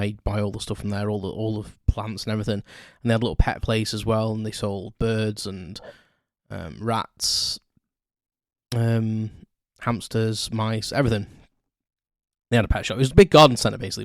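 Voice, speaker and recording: With a lowish voice, a solo podcast host casually recounts his childhood in a rambling, self-correcting way, chuckling along. The recording is dry and studio quality.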